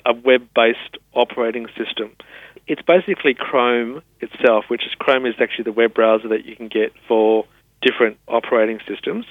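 A man, a technology specialist explaining things patiently and spelling words out slowly in an interview. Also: mid-range voice, no echo. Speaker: assistive technology specialist guest. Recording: tinny phone-line sound.

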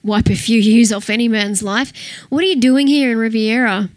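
A woman's voice: on the high side, fairly even intonation, moderate pace, no room sound, lightly acted. A woman voicing a menacing small-town male police officer who mocks and threatens in an audiobook. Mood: mocking. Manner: mocking, taunting.

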